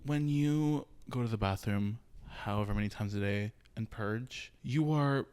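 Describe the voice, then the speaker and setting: A man's voice: on the low side, measured pace, clean tone. Young man telling his story candidly. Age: 20s. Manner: open, animated storytelling with frequent fillers and laughs. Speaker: interview guest. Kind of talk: candid personal conversation.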